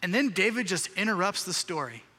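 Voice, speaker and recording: A man's voice: high-pitched, animated, a little fast, bright, forceful tone. A male pastor preaching a sermon, telling a scripture story in a casual, slangy way. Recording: reverberant hall.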